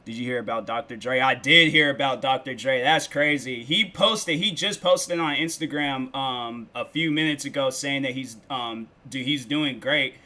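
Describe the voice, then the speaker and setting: A young man in his twenties talks casually to his livestream viewers. His voice is bright and forward, and his middling pitch wanders as he rambles loosely, full of filler words. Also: moderate pace, few pauses. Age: 20s. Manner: rambling and loose, with lots of "like" and "bro". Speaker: streamer.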